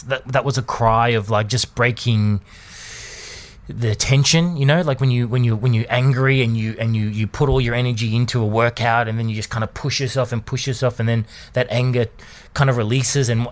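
A man in his thirties speaks openly to camera in a personal monologue. His voice sits in an ordinary middle pitch, and he pauses often, restarts and repeats words, with a soft laugh now and then. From Australia. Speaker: vlogger.

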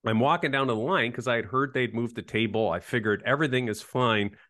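A man's voice: mid-range voice, a little fast, no room sound, clean studio sound. A man in his fifties, an ergonomics professor, telling self-deprecating work stories as an interview guest. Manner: animated anecdotal, self-deprecating. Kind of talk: casual interview storytelling.

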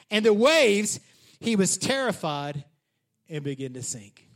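A male pastor preaching a sermon in an animated, conversational way, often turning to the congregation with questions. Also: fairly high pitch, takes it slowly.

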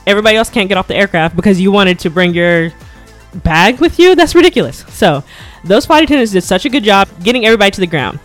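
A woman hosting her own podcast in a casual, chatty way, rushing her words and slipping in awkward giggles. Her pitch sits mid-range for a woman, and soft music plays faintly beneath her. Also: lively intonation. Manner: talks very fast with awkward giggles. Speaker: podcast host, flight attendant. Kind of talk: casual solo podcast chat. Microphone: podcast mic at a laptop setup.

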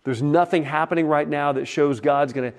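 Male pastor, somewhat high voice; relaxed, chatty sermon storytelling with quiet, intimate drops. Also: a little fast. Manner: casual storytelling preaching, often dropping to a soft hush.

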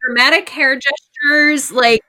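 A woman co-hosting a casual podcast, gushing and animated about a reality TV star. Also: high voice, a little slow, poor audio. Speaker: podcast co-host. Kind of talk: casual chat.

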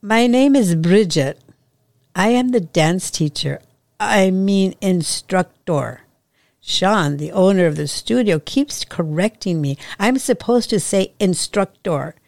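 A woman voicing a chatty, soft-spoken young female dance instructor who rambles and apologizes. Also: mid-range voice, lively intonation, takes it slowly, vocal fry, no echo, pitched above the performer's own voice. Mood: friendly.

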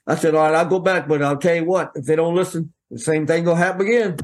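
Older man telling a lively story. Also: on the high side, quick pace, few pauses. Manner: animated, rambling, acts out quoted voices. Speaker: guest, veteran wrestling referee. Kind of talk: folksy storytelling.

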